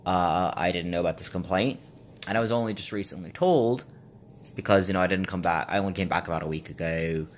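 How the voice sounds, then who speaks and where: A man's voice: low-pitched, fairly quick, a little hiss or hum. A man from the United States, chatting casually and wryly in a put-on Russian accent while telling a story to his viewers. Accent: Russian-style put-on accent. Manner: chatty, rambling, wry. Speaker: vlogger.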